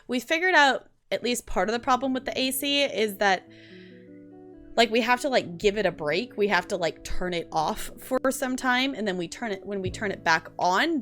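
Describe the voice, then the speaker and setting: Bright-voiced chatty young woman streamer. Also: fairly high pitch. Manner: rambling, chatty, many fillers and restarts. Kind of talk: casual stream chat. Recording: faint background music. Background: soft lo-fi music.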